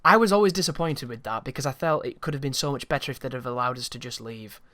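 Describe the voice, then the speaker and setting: A man's voice: mid-range voice, quick pace, fairly bright tone. A man giving casual, rambling, opinionated commentary over a video game, swearing freely as he talks. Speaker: gameplay commentator.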